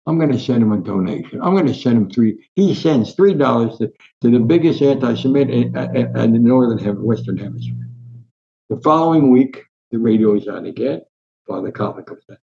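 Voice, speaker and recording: A man's voice: fairly low pitch, normal speed, creaky. An older man from New Jersey, a guest in an interview, telling stories and acting out the voices of the people in them. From Newark, New Jersey, US. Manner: animated raconteur, acts out quoted voices. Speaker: interview guest, sports columnist. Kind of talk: anecdotal storytelling in an interview. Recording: slightly dull lo-fi sound.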